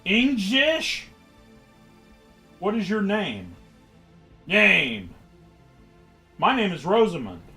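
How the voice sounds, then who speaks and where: A man voicing a halting, puzzled woman out of time. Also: high-pitched, wildly swooping pitch, pushed and bright, soft background music, voice pushed up, heavily acted. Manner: halting, fragmented speech. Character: confused adult woman from the future, halting broken English.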